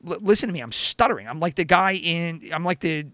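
A man's voice: a little high, animated, a little fast, bright, forceful tone, dry recording. A man hosting a casual sports betting chat, rambling with lots of fillers and self-corrections. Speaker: podcast host.

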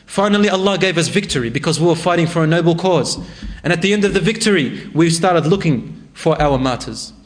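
High-voiced man telling a dramatic sermon story. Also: expressive, a little fast, hardly any pauses. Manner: recites Arabic verses, then retells dramatically with rising intensity. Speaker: preacher.

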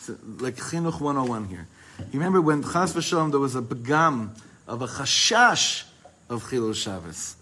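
A man teaching a Torah class to a small group, quickly reading Hebrew passages and then explaining them in English in a lively way. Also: mid-range voice, rough recording.

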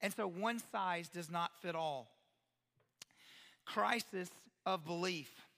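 A man, a pastor, giving an animated sermon-style talk to parents, acting out quoted voices and asking the audience questions. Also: sits high, slow pace, creaky, long reverb tail.

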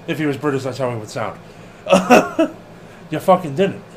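Animated man in casual wrestling chat. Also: medium pitch, a little slow, a little hiss or hum. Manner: animated, laughing, swearing, acts out quotes. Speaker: podcast co-host.

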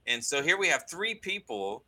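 Bright-voiced man telling a story. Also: fairly high pitch, moderate pace. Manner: animated retelling with many restarts and asides. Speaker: guest recounting a deliverance. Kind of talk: storytelling in casual conversation.

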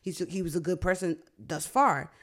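With a voice on the low side and a normal speaking speed, this young podcast host chats casually. She swears liberally and brings her stories to life by performing the quotes.

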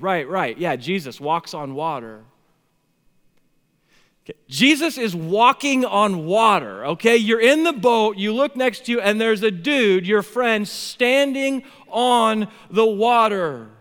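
A man preaching a sermon as pastor, telling stories with big swings between loud excitement and hushed, quiet moments. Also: fairly high pitch. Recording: long hall reverb.

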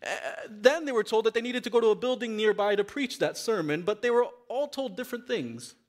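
In church, a pastor whose voice sits high reads from scripture and then talks openly and earnestly to the people gathered, sounding expressive and fairly quick.

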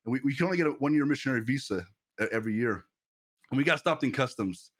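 A young man preaches on a livestream in a middle-pitched voice. He tells a personal story earnestly, stumbling and restarting his phrases as he goes, then presses his point home to his listeners. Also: animated, quick pace. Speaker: pastor. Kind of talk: livestreamed sermon.

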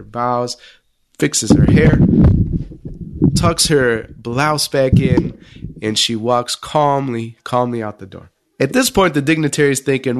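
A man guesting on a podcast, telling an animated story in casual interview talk. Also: medium pitch, measured pace, vocal fry. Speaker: school leadership podcast guest.

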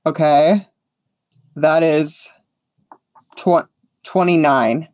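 A woman player chatting casually during a tabletop game, with quick asides. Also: deep voice, a little mellow, dry recording.

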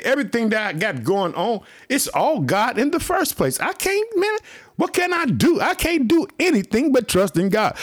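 A man with a high voice preaches fervently in an online sermon. He repeats himself and exhorts, often saying "let me tell you something," and speaks to listeners as if they were family.

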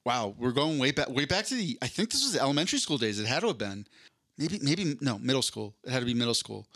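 A man chatting on a podcast, with a bright, forceful voice recorded close and dry. He tells stories in an animated way, with quick asides and casual swearing. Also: mid-range voice, dry recording. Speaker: podcast co-host. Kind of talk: casual chat, storytelling.

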